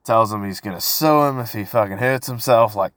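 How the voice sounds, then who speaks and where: A man's voice: lowish voice, brisk, a bit bright, no room sound. A man hosting a casual solo podcast, rambling and swearing as he tells stories. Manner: rambling, sweary, laid-back storytelling. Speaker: podcast host.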